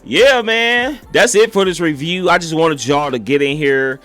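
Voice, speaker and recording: A man's voice: fairly high pitch, unhurried, a bit bright, soft background music. A man streamer giving a casual, slangy review of his mic straight to his viewers. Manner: laid-back slangy, talks straight to viewers. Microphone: studio XLR mic on the desk.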